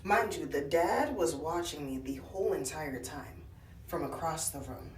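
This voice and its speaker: A woman's voice: sits low, measured pace, a little hiss or hum. A woman telling a personal story to camera in a chatty, dramatic way, acting out the dialogue. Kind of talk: casual storytelling. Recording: echoey, from some distance.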